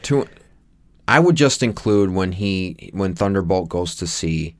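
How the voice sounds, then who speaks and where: Male podcast co-host, low voice with lively swings, dry close sound, casual film chatter. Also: unhurried, no room sound. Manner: animated, jokey, trails off mid-sentence. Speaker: movie review podcast co-host. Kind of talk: casual chat.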